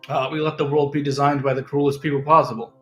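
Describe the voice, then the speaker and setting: Sarcastic, profane male commentator, fairly high voice, echoey room. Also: little pitch movement, fast talker. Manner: sarcastic, profane, swings between loud and mumbled. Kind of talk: casual ranting monologue. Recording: echoey room, faint music.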